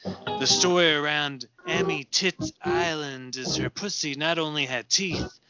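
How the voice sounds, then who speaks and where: A man co-hosting a crude comedy podcast, playful and quick to laugh. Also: a little high. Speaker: podcast co-host. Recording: dull lo-fi audio with music underneath.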